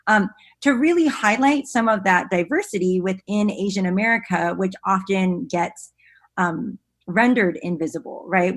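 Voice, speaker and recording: A woman, an education researcher, explaining her work as a podcast guest, earnestly and often checking in with "right?". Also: on the low side.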